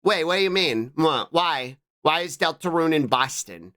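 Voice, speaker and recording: Lively bright-voiced streamer guy. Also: a little high, normal speed. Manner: rambling, repeats himself, answers chat with "what?". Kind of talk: casual live-stream chat.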